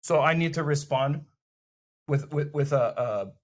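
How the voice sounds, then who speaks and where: A man in casual podcast chat, talking animatedly and acting out what people say. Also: fairly high pitch. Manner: animated, fast, acts out quoted lines. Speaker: podcast co-host.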